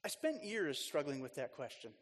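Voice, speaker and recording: A man's voice: fairly high pitch, very animated, moderate pace, in a large hall. A man preaching a conversational sermon as a pastor, chatty and storytelling, with restarts and side remarks.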